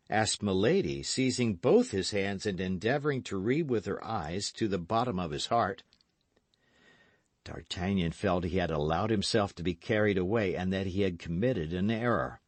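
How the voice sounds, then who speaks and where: A man narrating an audiobook of a classic novel in an expressive storytelling manner. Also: sits low, moderate pace, no room sound. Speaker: audiobook reader. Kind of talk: scripted narration.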